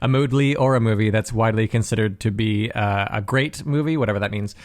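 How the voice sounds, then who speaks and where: A man's voice: on the low side, fairly quick. A man hosting a movie podcast, rambling and laughing as he talks into an iPad mic. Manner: rambling, laughs often, self-interrupting. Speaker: podcast host. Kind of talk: casual chat. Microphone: iPad microphone.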